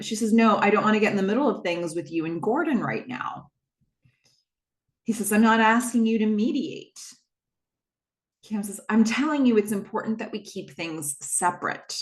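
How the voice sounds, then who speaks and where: A young adult woman hosting a podcast, recapping a TV episode in casual narration, acting out the characters' lines with quick jumps in pitch, full of fillers and self-corrections. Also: lively intonation. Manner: acts out quoted lines with a quick shift of pitch.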